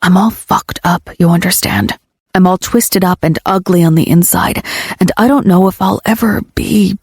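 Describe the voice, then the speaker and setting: A woman voicing a guarded, troubled young man who speaks in a low, halting rasp. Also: darkish tone, no echo, studio quality. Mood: strained. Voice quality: low rasping voice.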